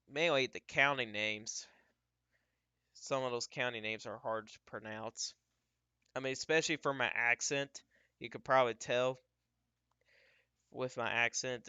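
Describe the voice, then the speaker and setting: Bright, clear-voiced man tracking storms live. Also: medium pitch, dry recording. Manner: thinking aloud, casual and unhurried with restarts. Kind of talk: live weather commentary.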